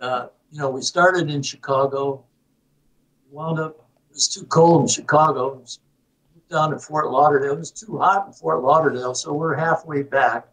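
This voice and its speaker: A man in his eighties telling a story to his host in a casual, unhurried way, pausing on many "uh" fillers. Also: on the high side, steady tone, a bit bright, far from the mic, poor audio. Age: 80s. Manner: unhurried, halting, with frequent "uh" fillers. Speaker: guest.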